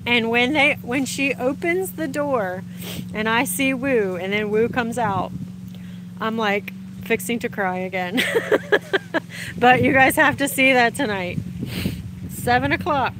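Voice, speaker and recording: Speaking unhurriedly in a slightly high voice, a woman hosts a relaxed livestream outdoors in bright sunlight. She reads viewer comments on her phone, greets people warmly, and laughs often in chatty live conversation. The background is noisy.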